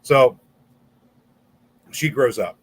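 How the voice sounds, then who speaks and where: A man's voice: mid-range voice, animated, extremely slow. A man hosting a casual livestream in front of a green screen, rambling and stumbling over repeated words. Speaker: channel host.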